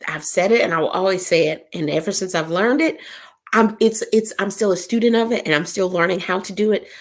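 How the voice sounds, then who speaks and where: A woman's voice: medium pitch, vocal fry, slightly rough. A woman, hosting a live stream and talking straight to viewers with encouraging, preachy advice. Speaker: live-stream host and comedian. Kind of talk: casual chat to viewers.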